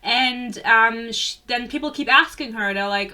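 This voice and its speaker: A woman's voice: on the high side, unhurried, pushed and bright. Ranting young woman. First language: German. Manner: exasperated, sarcastic, swears freely. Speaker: book reviewer. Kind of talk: casual book rant.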